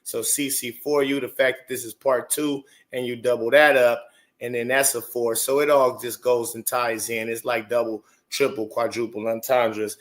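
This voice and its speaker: A man hosting a casual livestream at a middle pitch. He talks in an excitable, chatty way, repeats his phrases and trips over restarts as he works through his points. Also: moderate pace. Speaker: show host.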